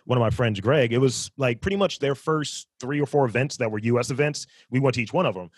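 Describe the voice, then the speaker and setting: A man's voice: medium pitch, quick pace, slightly rough, no room sound. A man from Baltimore with a Baltimore accent, telling stories in casual podcast chat and swearing a lot. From Baltimore, US East Coast. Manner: animated storyteller, swears, laughs. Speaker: podcast co-host.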